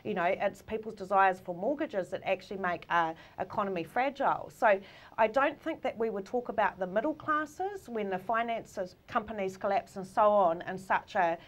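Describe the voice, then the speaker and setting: A woman with a New Zealand accent speaking briskly and earnestly as a guest in a studio political discussion. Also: mid-range voice.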